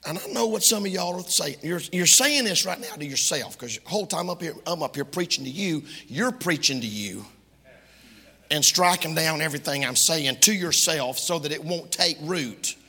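Animated preacher, husky voice. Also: male voice, on the high side, normal speed. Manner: animated, folksy, joking, bursts into shouting. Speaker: Baptist preacher. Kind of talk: lively sermon. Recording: long church hall reverb.

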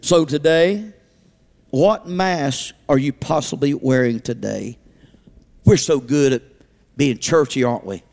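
A man preaching a revival sermon in a church auditorium, passionate and repetitive, swinging between shouts and hushed pleading. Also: mid-range voice, a little slow, gravelly, pauses often, big-room sound.

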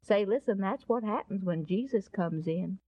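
A woman narrating a Bible story in a folksy, expressive way and appealing to the listener. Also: medium pitch, moderate pace, husky, dry recording. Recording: dull lo-fi recording.

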